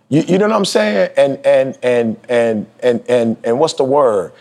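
Podcast host, man in his forties: husky, fired-up motivational speaker, street slang, climbs high when he hammers a point. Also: animated, measured pace, darkish tone. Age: 40s. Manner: emphatic, preachy, slangy street talk, pitch jumps high for emphasis. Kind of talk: motivational talk.

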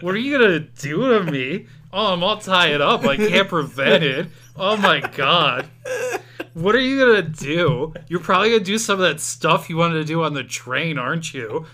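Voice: medium pitch, lively intonation, normal speed, sharp tone. A podcaster voicing a panicky, whimpering captive young man who pleads in a whiny, mock-fearful way. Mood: mock pleading.

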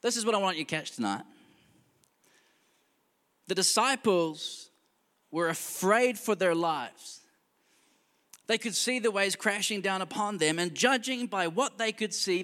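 A man delivers a sermon in a church hall with a high, bright voice, talking to the congregation in a loose, conversational way with humorous asides. His voice carries a long reverb from the large room. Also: expressive, moderate pace. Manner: conversational preaching with asides and laughter. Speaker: pastor.

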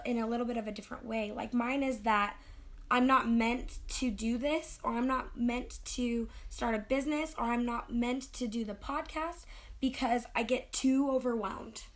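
A woman's voice: on the high side, moderate pace. A young woman co-hosting a podcast, speaking candidly and a little self-doubtingly in a rambling casual chat. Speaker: podcast co-host.

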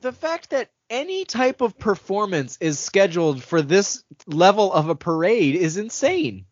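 A man co-hosting a casual podcast, dropping wry, dry quips in a somewhat higher voice. The sound is very dry, with no room echo. It is also slightly dull and lo-fi. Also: big pitch swings, measured pace. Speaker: podcast co-host. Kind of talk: casual chat.

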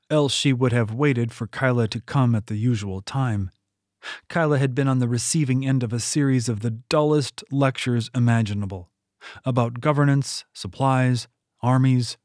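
A man reading a fantasy novel aloud in a steady storytelling manner. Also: no echo, clean studio sound. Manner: steady storytelling read, lifting pitch for quoted characters. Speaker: audiobook narrator. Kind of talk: scripted narration.

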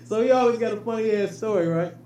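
A man's voice: sits high, fast talker, dark tone. A man telling stories in casual, profane chat, laughing often. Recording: echoey room, faint noise.

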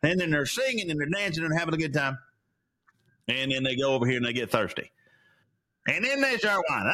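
Animated, bright-voiced man preaching. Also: fairly high pitch, fairly quick. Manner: animated storyteller, laughing asides. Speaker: host. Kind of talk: casual preaching monologue.

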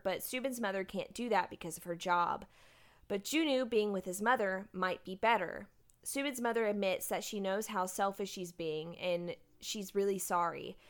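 A woman co-hosting a casual podcast, animatedly summarizing drama episodes and laughing often. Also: medium pitch. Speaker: podcast co-host recapping a drama. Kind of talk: casual chat recapping episodes.

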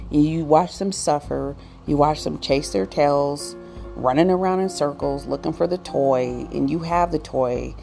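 A woman speaks slowly in a low, gravelly voice, lecturing emphatically. Her delivery is unhurried and rough-edged, with faint music underneath. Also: warm tone. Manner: preachy, emphatic. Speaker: vlogger. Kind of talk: ranting monologue.

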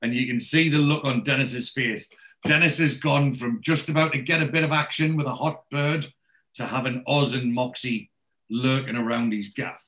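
A man's voice: medium pitch, steady tone, moderate pace, a bit bright. A man in casual chat, rambling through a TV episode and quoting the characters in his own voice.

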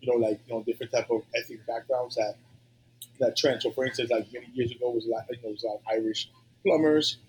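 A man's voice: mid-range voice, fairly even intonation, quick pace, a little mellow, slight background noise, low-quality recording. A middle-aged man, a guest telling stories in casual podcast chat, loose and profane, rambling with many fillers. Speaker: guest HVAC technician.

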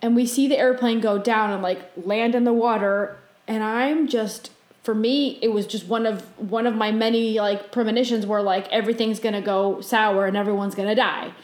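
A woman co-hosting a podcast tells a dream story in casual chat, recorded in an echoey room. She retells it animatedly, acting out her own panicked lines in a high, fast voice.

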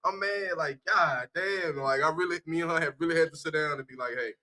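A man in his thirties co-hosting a casual chat, telling profane, animated stories with laughter. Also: a little high, brisk, low-quality recording.

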